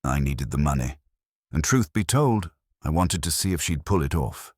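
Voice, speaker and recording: A man's voice: very deep voice, animated, moderate pace, a little mellow, dry recording, studio quality. A man voicing a blunt, cynical female choreographer from a ballet company.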